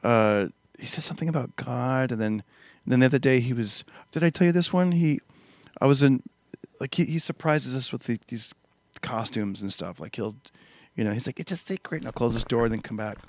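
A man's voice: mid-range voice, brisk, no room sound. A man in his thirties spins long, rambling anecdotes in easygoing chat. He tells them with animation and plays the other people in his stories. The sound is dry and close. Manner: rambling, animated storyteller who acts out his son. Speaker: podcast guest. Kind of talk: casual chat.

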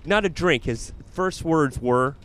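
A man's voice: a little high, expressive, unhurried, noisy background. A man, a comedian, telling a funny story in casual chat and laughing along as he goes. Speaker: comedian and podcast host.

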